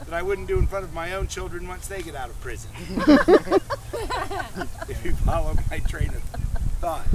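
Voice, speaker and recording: A man in his fifties doing a live crowd-work comedy show at a fair, bantering loudly and chuckling at his own jokes. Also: sits high, expressive, normal speed, long pauses, low-quality recording. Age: 50s. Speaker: street comedy performer. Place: outdoors at a busy renaissance fair. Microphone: handheld camera in the audience. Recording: loud outdoor crowd on a windy day.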